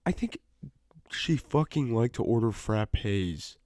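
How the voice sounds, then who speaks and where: A man co-hosting a podcast who rambles through long stories and swears freely. His voice sits at an ordinary middle pitch. The studio mic sound is close and dry. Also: expressive, slow pace, darkish tone, no echo. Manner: swears a lot, rambling storytelling. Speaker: podcast co-host. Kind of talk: casual podcast chat. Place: small studio.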